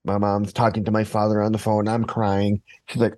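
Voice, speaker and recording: A man's voice: on the low side, monotone, normal speed, darkish tone, no room sound. A man chatting casually, telling a personal story and acting out what others said. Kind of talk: casual conversation.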